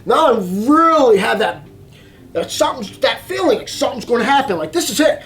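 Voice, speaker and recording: A man telling a story in an excitable way, acting out voices and reactions. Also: very high voice, fairly quick, a little hiss or hum. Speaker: vlogger telling a travel story. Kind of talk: animated storytelling monologue.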